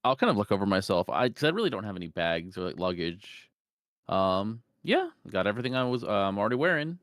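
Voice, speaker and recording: A man's voice: fairly low pitch, big pitch swings, quick pace, a bit bright, dry recording, studio quality. A man playing a tabletop game, speaking for his character in a hesitant, sheepish way. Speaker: player.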